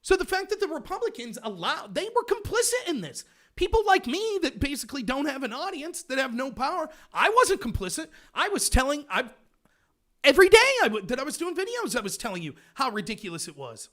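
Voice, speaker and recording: A man's voice: very high-pitched, sing-song, brisk, fairly bright tone. A man hosting a political livestream, ranting sarcastically while answering his chat. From United States. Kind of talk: livestream commentary reading chat.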